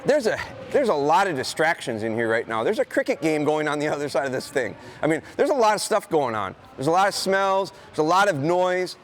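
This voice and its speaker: In a school gym, a man who trains gun dogs talks students through a live demonstration, chatting as he explains and cutting in with brief commands to the dog. His voice sits fairly high, swings widely in pitch and moves fairly quickly, with a little background noise in the recording.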